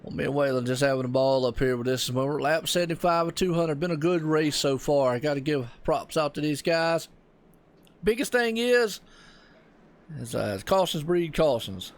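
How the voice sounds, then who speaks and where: A man's voice: on the high side, animated, moderate pace. A man with a Southern US accent doing laid-back, folksy play-by-play commentary on a sim racing broadcast. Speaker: race commentator.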